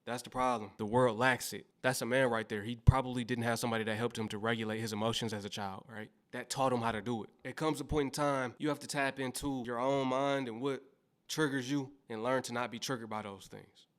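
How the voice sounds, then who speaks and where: Male reaction host, preachy and motivational, mid-pitched, faith-minded. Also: fairly even intonation, brisk. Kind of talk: reaction commentary.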